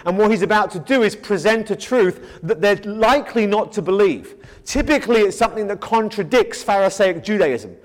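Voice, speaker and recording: A man lecturing on scripture in a voice pitched well above most men's. He drives his points home by posing questions and answering them himself. The sound carries a long hall reverb. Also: expressive, brisk. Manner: emphatic, asks rhetorical questions and answers them. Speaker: Bible teacher. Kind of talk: Bible study lecture.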